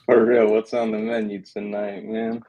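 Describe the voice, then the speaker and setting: A man's voice: lowish voice, level tone, normal speed, no echo, highs cut off. A man chatting casually on a livestream while calling property sellers, loose and joking, swearing now and then. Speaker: real estate wholesaler calling sellers on a livestream.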